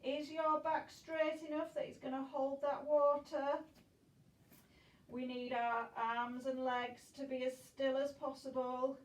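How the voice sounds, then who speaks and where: High, slow-spoken woman teaching kids yoga. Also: little pitch movement, reverberant, far from the mic, rough recording. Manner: encouraging, playful, makes animal noises. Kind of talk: guided children's yoga class.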